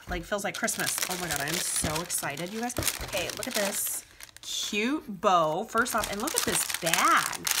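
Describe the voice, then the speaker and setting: A woman's voice: medium pitch, a bit bright, slight background noise. Gushing woman unboxing craft goodies. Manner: gushing, says "like" and "oh my gosh" often. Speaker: craft vlogger. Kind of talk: excited unboxing vlog. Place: home craft room.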